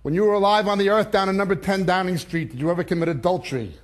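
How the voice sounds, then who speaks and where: A man voicing a brisk Saint Peter at heaven's gate in a told joke, asking questions in a matter-of-fact way. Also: high voice, steady tone, natural voice.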